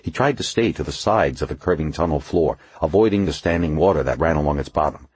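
A man's voice: quick pace, no echo. A man reading a suspense novel aloud as an audiobook narrator. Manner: low, husky, lively storytelling voice. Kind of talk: scripted narration.

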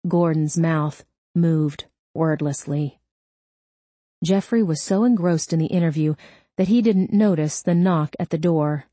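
A woman narrating a crime novel audiobook in a steady, measured way. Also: deep voice, dry recording.

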